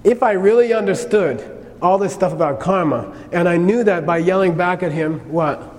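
A man lectures on karma in Buddhist teaching, keeping it conversational and often checking in with "okay?" His voice is high-pitched and his speed normal. The recording has a long reverb and faint noise.

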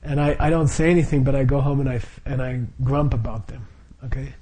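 A man's voice: medium pitch, steady tone, a little fast, mellow, breathy edge. A middle-aged man leading a Buddhist group, explaining the practice informally with frequent chuckles, fillers and restarts.

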